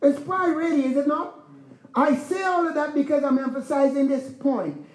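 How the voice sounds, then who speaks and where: A man's voice: very high-pitched, moderate pace, roomy sound. A man preaching a sermon as pastor, in a conversational style with rhetorical questions to the congregation. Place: church.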